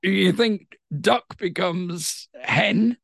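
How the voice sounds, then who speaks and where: A middle-aged pantomime actor with a West Country English accent chats enthusiastically in a casual interview, telling animated stories. His voice is high-pitched and very slow with vocal fry, captured in a dry, clean studio recording.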